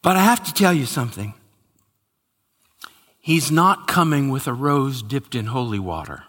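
A man preaching a sermon with dramatic swings between loud exclamations and hushed whispers, in a large church hall. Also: mid-range voice, lively intonation, normal speed. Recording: hall reverb.

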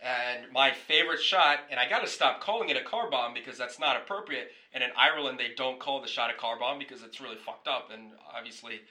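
A man's voice: medium pitch, a little fast, hardly any pauses, bright, forceful tone, poor audio. A man hosting a podcast, telling a rambling story in casual chat and swearing freely. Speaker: podcast host.

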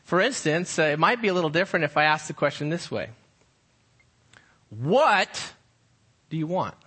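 Youth pastor, male, bright tone, acts out tones of a question mid-sermon. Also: on the high side, slightly rough. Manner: rhetorical questions with slow, drawn-out pauses. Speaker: high school pastor.

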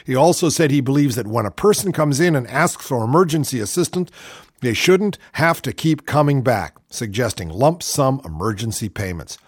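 A male talk radio host with a lively, swinging delivery who reads out news stories and then cuts in with sarcastic jabs. He sounds close and dry on the mic, with no room around him. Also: medium pitch, normal speed, breathy edge, no echo. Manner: sardonic, reads news items aloud with mocking asides. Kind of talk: political talk radio commentary.

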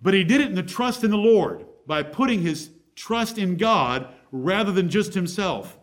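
A man with a high-pitched voice preaching a sermon. He speaks emphatically and presses his points with one rhetorical question after another. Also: animated, normal speed. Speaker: pastor.

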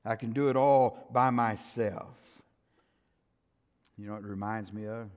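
Folksy older preacher in a hall. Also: male voice, on the low side, steady tone, a little slow. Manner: folksy preaching, acts out quotes, swings loud and soft. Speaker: pastor. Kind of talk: sermon. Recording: long reverb of a church hall.

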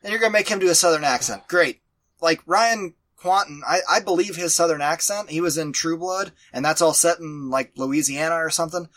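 A man co-hosting a casual movie review podcast, animated and exasperated, quoting his own reactions. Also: a little high, a little fast. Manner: animated, exasperated, quotes himself in mock voices. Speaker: podcast co-host.

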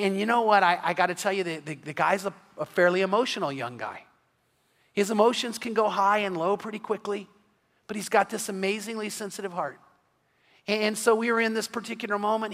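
High, bright-voiced pastor preaching in a hall. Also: male voice. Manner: earnest, repeats words at starts of phrases. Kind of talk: sermon.

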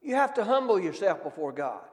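High-voiced man preaching. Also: big pitch swings, brisk. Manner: folksy, calls out questions to the congregation. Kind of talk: sermon. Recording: long reverb of a hall.

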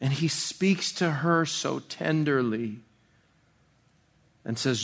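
A man preaching an expository sermon in a conversational way, full of restarts, dropping soft and slow on tender passages. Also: mid-range voice, gravelly. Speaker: pastor.

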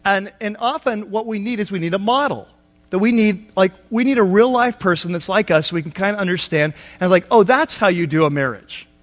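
A man's voice: high voice, a little fast. A man preaching a sermon on a Bible passage, talking conversationally with asides and acted-out quotes. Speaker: pastor.

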